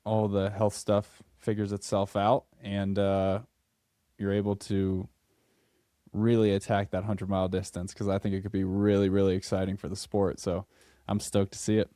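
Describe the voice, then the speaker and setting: A man hosting a podcast interview, chatting casually and laughing often with a relaxed, filler-heavy way of talking. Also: lowish voice, moderate pace, no echo, clean studio sound. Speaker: podcast host.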